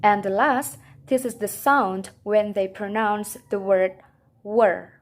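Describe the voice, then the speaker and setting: A woman's voice: medium pitch, steady tone, takes it slowly. A young woman, a student whose first language is Indonesian, reading her class presentation aloud from a script in a careful way.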